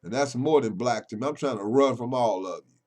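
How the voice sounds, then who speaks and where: A male poet speaks fairly quickly in an impassioned monologue about his own poems. His tone is preachy and emphatic, swinging from loud declarations to low, intimate murmurs.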